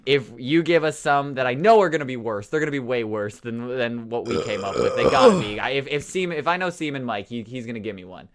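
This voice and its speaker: A man's voice: mid-range voice, animated. A man co-hosting a casual podcast, swearing a lot and restarting his sentences. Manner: crude, swearing, halting restarts. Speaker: podcast co-host.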